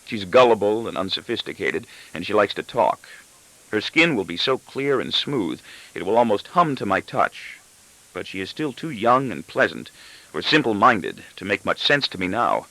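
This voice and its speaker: A man reading a first-person novel aloud as audiobook narration, expressive and even-paced. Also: lowish voice, normal speed, no echo, poor audio. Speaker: audiobook reader.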